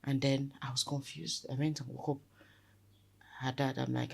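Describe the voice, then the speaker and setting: A middle-aged woman telling a family story in a soft, conversational way, her voice often dropping quiet. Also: very deep voice, level tone, normal speed, creaky, husky. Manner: soft-spoken, drops to near whisper. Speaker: parenting podcast co-host.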